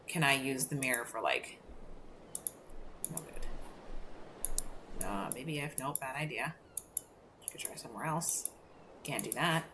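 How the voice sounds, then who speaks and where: A woman's voice: extremely low pitch, animated, takes it slowly, pauses often, noisy background. A woman streaming a game, musing aloud and hesitating as she thinks through puzzles. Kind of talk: gameplay commentary.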